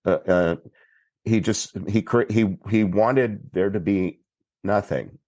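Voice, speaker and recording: A man from Texas, a priest guest on a podcast, telling a story in an unhurried, plainspoken way. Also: lowish voice, darkish tone, dry recording, muffled recording. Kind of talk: recounting a story in conversation.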